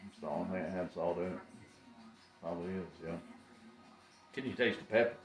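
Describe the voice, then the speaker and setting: A man chatting casually in his home kitchen, blunt and profane and quick to poke fun at himself. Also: low voice, reverberant, music in the background. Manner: blunt, profane, self-mocking. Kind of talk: casual home cooking chat.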